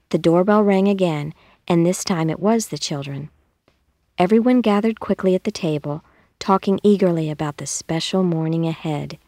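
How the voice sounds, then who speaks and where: A woman reading a children's story aloud in a calm, measured way. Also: fairly low pitch, dry recording, studio quality. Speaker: narrator.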